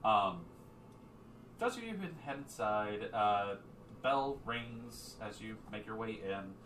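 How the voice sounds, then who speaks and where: A man narrating a tabletop game as game master, relaxed with many fillers. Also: fairly low pitch, slow, slight background noise. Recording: echoey room, distant mic.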